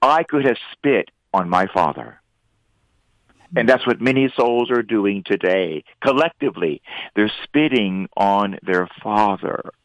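Man, priest, radio talk, earnest, emphatic bursts, mid pitch, dry close sound. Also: dry recording, highs cut off. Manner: earnest, preacherly, swings into lively emphatic bursts. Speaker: priest and radio show regular. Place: radio studio.

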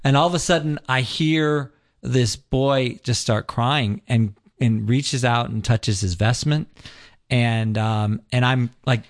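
A man telling an earnest, animated personal story as a guest on a talk show. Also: medium pitch, slow pace, no room sound, studio quality.

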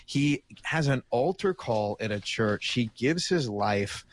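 Animated laughing male storyteller. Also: medium pitch, takes it slowly. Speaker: radio show co-host. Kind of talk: storytelling on a talk radio show.

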